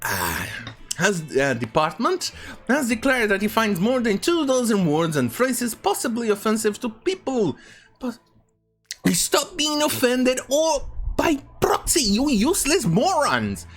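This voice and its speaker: A woman rants through a news story in a slow, drawn-out delivery, her pitch swinging widely with sarcasm. She swears freely and repeats words to mock them. Faint music plays behind her. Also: big pitch swings. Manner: sarcastic and profane, with mocking repetition. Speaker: online commentator. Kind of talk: ranting news commentary.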